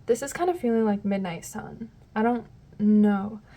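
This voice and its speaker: A woman's voice: mid-range voice, moderate pace, warm tone. A woman giving a casual tarot reading to her viewers, rambling and often losing her train of thought. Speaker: tarot reader.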